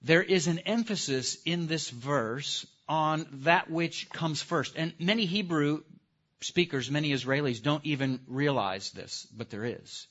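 A man's voice: fairly high pitch, a little slow. Man lecturing a class, dull recording. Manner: lively, asks the audience questions, stresses key words. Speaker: teacher. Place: room with a live audience.

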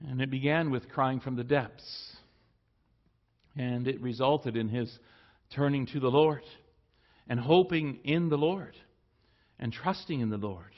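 A man preaching a sermon in an earnest way, rising for emphasis and then dropping low and soft. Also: a little slow, pauses often, highs cut off.

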